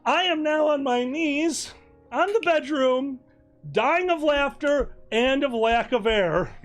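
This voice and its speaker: A man on a charity stream telling a convention story in casual chat, animated and laughing through his story. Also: very high voice, slow, soft background music.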